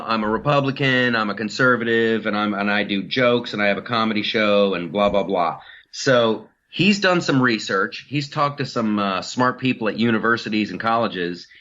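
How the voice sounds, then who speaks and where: Man, comedy podcast host, bright forceful voice, dull lo-fi sound, riffing and mocking. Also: on the low side. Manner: riffing, mocking, mimics politicians' cadence. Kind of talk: casual political comedy chat.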